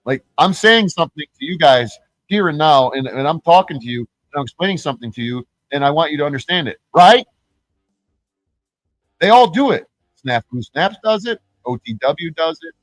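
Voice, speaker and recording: A man's voice: on the high side, animated, fairly quick, no echo, poor audio. Profane ranting streamer man. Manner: profane, rambling, mocking; repeats and restarts words. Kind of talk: ranting live-stream commentary.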